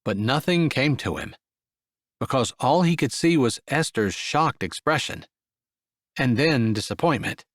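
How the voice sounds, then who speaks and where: Expressive male audiobook narrator. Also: mid-range voice, unhurried, no echo, clean studio sound. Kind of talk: scripted narration.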